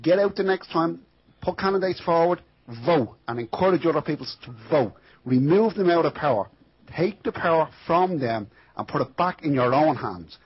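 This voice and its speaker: A man's voice: a little high, lively intonation, normal speed, slightly rough, dull audio. A man speaking as a guest, urging listeners in an impassioned, repetitive appeal. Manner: exhorting, urgent, repetitive. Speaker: caller or guest.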